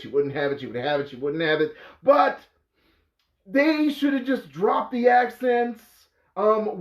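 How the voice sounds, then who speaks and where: A man hosting a casual movie review, animated and exasperated, breaking into emphatic, incredulous outbursts. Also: high voice. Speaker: host of a movie review show. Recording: echoey room, dull lo-fi sound.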